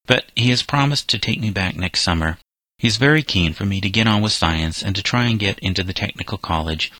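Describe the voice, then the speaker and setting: Deep-voiced man reading a story. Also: pushed and bright, no room sound. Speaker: narrator. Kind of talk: audiobook reading of a children's novel.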